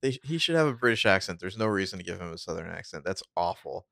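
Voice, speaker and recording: A man's voice: low voice, quick pace, vocal fry, dry recording, studio quality. A man co-hosting a podcast in casual chat, rambling and acting out characters as he talks. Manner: rambling, animated quoting of characters. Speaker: podcast co-host.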